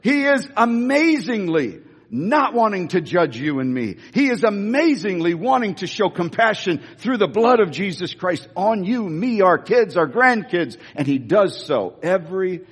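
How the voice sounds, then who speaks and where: A man preaches in a church, his high voice leaping up and down as he hammers home repeated lines. His tone is a little husky, and long reverb trails each phrase through the hall. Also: big pitch swings. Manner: emphatic, repeats key lines, swings from slow stressed phrases to quick asides. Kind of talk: sermon.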